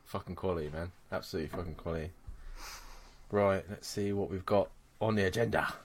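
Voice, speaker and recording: Excitable swearing man. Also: low voice, brisk, a little hiss or hum. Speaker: podcast host. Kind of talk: casual chat.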